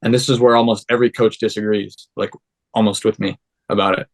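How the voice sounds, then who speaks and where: A man's voice: fairly low pitch, brisk. A young man, a podcast guest, casually recounting his story and acting out the lines of the people in it. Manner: animated, acts out quoted dialogue.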